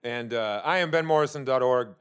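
A man's voice: mid-range voice, a bit bright, smooth. A man co-hosting a comedy podcast, telling jokes and plugging his work. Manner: rapid-fire joke telling, self-promoting. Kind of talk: casual comedy podcast chat.

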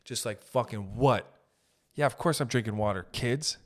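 A man's voice: mid-range voice, a little fast. A young man hosting a podcast, ranting casually with profanity and jokey asides. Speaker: podcast host. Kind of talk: casual comedic podcast rant.

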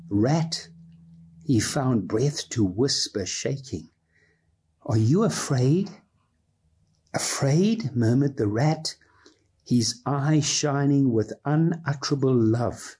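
A man preaching a sermon, reading aloud expressively and slipping into casual asides, with a husky voice. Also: medium pitch, lively intonation, takes it slowly, long pauses, warm tone. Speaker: pastor.

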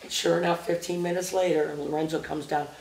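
A man with a Midwestern American accent, a podcast guest telling a backstage story in a casual, animated way and acting out the quotes. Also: a little high, fast talker, gravelly, roomy sound, slight background noise. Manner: animated anecdote teller who acts out quotes. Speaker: guest, former music venue promoter.

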